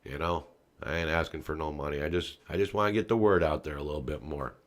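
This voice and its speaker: A man hosting a political commentary podcast, swearing freely and ranting with loud outbursts, in a casual, folksy way of talking straight to his viewers. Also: very deep voice, fast. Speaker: podcast host.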